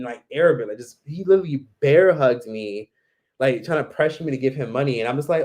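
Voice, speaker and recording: A man chats loosely through a live Q&A from home, his voice at an ordinary middle pitch. He rambles, packs every sentence with "like" and "literally", and slips into the voices of the people he quotes. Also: quick pace, darkish tone. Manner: rambling, fills talk with "like" and "literally". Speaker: YouTuber hosting a live Q&A. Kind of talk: casual livestream chat.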